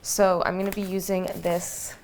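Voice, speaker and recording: A woman's voice: lowish voice, level tone, normal speed, a little mellow, slight background noise. Chatty young woman baking at home. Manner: chatty, talks to her dog. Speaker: vlogger. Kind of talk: casual baking vlog. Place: home kitchen.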